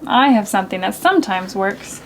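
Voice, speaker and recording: A woman's voice: medium pitch, expressive, a little fast, slight background noise, natural voice. Woman reading as a fretful mother. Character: worried mother of a sleepy girl.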